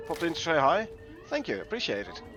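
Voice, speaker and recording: A man's voice: fairly high pitch, a little fast, music in the background. A man from the Netherlands with a Dutch accent, chatting casually with viewers while he plays and explains a game. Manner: relaxed, chatty, greets viewers while playing. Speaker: gaming livestreamer. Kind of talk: casual livestream commentary.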